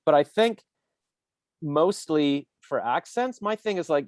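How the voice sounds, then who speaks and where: A man's voice: on the high side, lively intonation, slow, no room sound. A man hosting an interview, rambling and jokey, often correcting himself mid-sentence. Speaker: podcast host. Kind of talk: casual interview chat.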